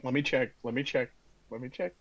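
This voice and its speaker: A man's voice: mid-range voice, fairly quick, lo-fi sound. A man playing a tabletop game, chatting casually and laughing often. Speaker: player.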